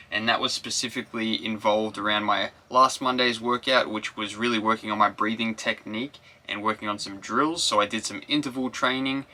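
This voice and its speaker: A man's voice: on the low side, bright, forceful tone. Upbeat man vlogging his training. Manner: upbeat, coaching tips to viewers. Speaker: triathlon vlogger. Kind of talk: casual vlog narration. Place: outdoors on a run, by a river park.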